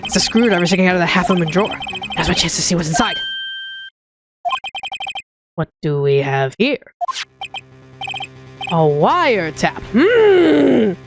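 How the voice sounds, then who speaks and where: A woman's voice: fairly low pitch, sing-song, a little slow, pauses often, over loud music, pitched below the performer's own voice. A woman reading a determined young lawyer. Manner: inner monologue, wry and suspicious.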